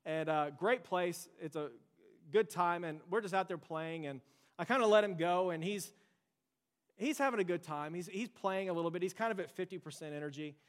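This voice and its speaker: A man's voice: high-pitched, moderate pace. A young adult man preaching a sermon as pastor, earnest and conversational, mixing storytelling asides into his message. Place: church sanctuary. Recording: long church hall reverb.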